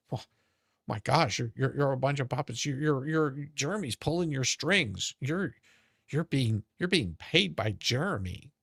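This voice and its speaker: A man with a gravelly, fry-laden voice rants on his stream in a slow, drawn-out way. He is profane and sarcastic and mocks those he talks about. The sound is dry and close. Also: medium pitch, lively intonation, fairly bright tone, dry recording. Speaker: streamer commentator. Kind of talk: ranting commentary. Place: home streaming setup.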